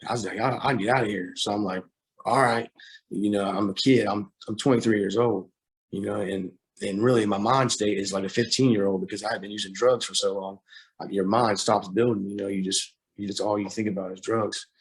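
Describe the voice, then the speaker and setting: A young man, a guest on a talk show, telling a hard personal story, halting with fillers and restarts, close to tears at times. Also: lowish voice, steady tone. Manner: halting, with many fillers and repeated starts.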